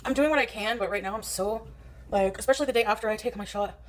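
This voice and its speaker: A woman's voice: on the high side, quick pace. A woman livestreaming outdoors on a scooter, rambling and complaining that she feels nauseous, with many restarts. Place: outdoors on city streets, riding a scooter. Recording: clip with loud street noise.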